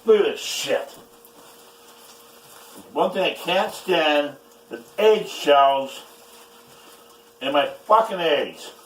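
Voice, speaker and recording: A man's voice: a little high, expressive, drawn-out words, long pauses, a bit bright, distant mic. Man grumbling and swearing in a roomy kitchen. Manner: swears often, frustrated and grumbling. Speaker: vlogger cooking at home. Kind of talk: casual kitchen vlog. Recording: roomy, off-mic, faint background noise.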